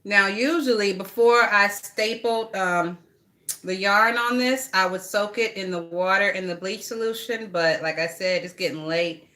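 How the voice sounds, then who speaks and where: A woman's voice: mid-range voice, unhurried, bright, forceful tone. A woman chatting casually and gossiping bluntly, with a lot of swearing, while she works on a craft project. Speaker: vlogger.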